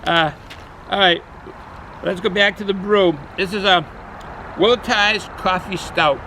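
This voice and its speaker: Casual Boston-accented guy, a bit high-voiced, rambling outdoor beer review over clear traffic noise. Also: steady tone, unhurried, bright, forceful tone, low-quality recording. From New England, US. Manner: rambling, chatty, repeats himself with frequent fillers. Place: outdoors in cold weather.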